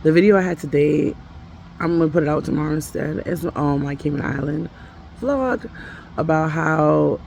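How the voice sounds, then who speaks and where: A woman vlogger chats from home in a rambling, easygoing way, her voice gravelly with vocal fry. A faint background noise sits under her talk. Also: low voice, normal speed, a little mellow. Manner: rambling, chatty, talks to her toddler between asides. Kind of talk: casual vlog chat.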